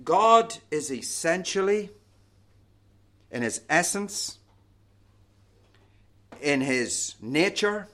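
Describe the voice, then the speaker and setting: A man preaching a sermon, slow and emphatic, letting key words sink low and soft. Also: animated.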